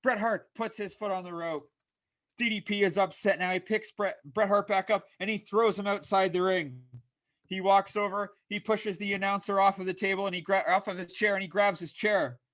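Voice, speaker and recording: High, bright-voiced man calling wrestling. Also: normal speed. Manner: energetic, builds to shouting at big moments. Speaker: host narrating a fantasy wrestling show. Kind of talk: excited play-by-play narration.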